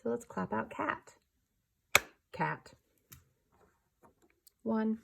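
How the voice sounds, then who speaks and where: A young woman teaching a remote class for young children, slow, soft and patient, often dropping to a whisper. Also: fairly low pitch, animated, creaky, slight background noise.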